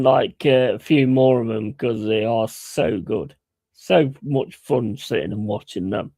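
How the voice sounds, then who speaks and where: A man's voice: mid-range voice, a little mellow, no echo. A man chatting casually on a live stream, rambling and swearing between chuckles.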